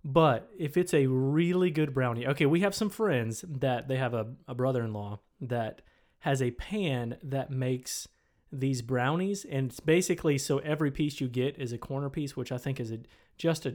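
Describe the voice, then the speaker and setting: A man's voice: mid-range voice, moderate pace. A man from Michigan co-hosting a casual chat, thinking aloud with frequent restarts. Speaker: podcast co-host.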